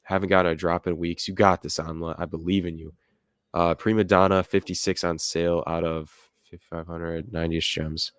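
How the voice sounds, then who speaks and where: A man's voice: sits low, flat delivery, fairly quick, no echo. A young man hosting a casual livestream, reading chat comments aloud and rambling with lots of fillers. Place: home room with music playing nearby.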